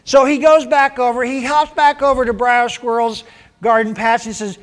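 High-voiced folksy preacher man. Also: fairly quick. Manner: folksy, down-home storytelling. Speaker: pastor. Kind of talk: sermon with a folksy story.

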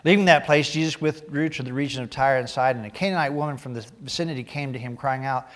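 A man preaching a sermon, reading scripture aloud and growing loud and emphatic as he drives points home. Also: medium pitch, quick pace, few pauses, long reverb tail. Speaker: pastor.

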